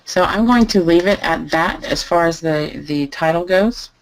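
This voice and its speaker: A woman teaching a live online lesson, calmly thinking aloud as she types through each step. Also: lowish voice, normal speed, rough recording. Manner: relaxed, thinking aloud while typing. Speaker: online selling instructor. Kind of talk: live screen-share tutorial.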